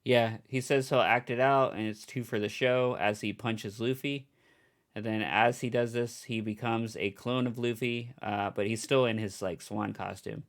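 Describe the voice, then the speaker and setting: A man co-hosting a podcast, walking through an episode's plot in a steady, orderly way. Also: medium pitch, moderate pace. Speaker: podcast co-host. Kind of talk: casual episode recap.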